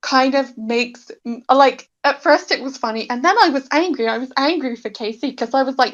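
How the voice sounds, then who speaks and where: Woman, higher voice, chatty and opinionated, muffled lo-fi sound. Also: normal speed, few pauses. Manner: animated, opinionated. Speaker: podcast panelist. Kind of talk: casual fan discussion.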